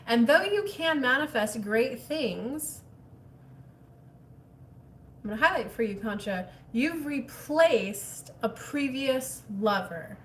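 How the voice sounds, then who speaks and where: A woman hosting a casual livestream as a spiritual coach, reading viewer comments and answering in a chatty, animated way. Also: a little high, slow pace, distant mic, slight background noise. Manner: chatty, animated, drops into whispers.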